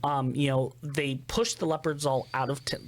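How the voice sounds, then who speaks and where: A man's voice: mid-range voice, fairly even intonation, moderate pace. A man co-hosting a podcast, chatting casually and telling stories with quoted voices. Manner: chatty storyteller, quotes people in put-on voices. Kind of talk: casual chat.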